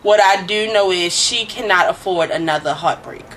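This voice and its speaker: A woman's voice: on the low side, normal speed, a bit bright, a little hiss or hum, poor audio. A woman casually recapping a TV drama episode with a co-host, swearing and acting out the characters' lines.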